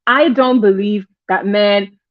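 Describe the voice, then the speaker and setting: A woman's voice: mid-range voice, slow, no room sound, dull audio. A woman hosting a casual livestream, chatting with viewers, greeting them by name and often repeating her phrases. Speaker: livestream host.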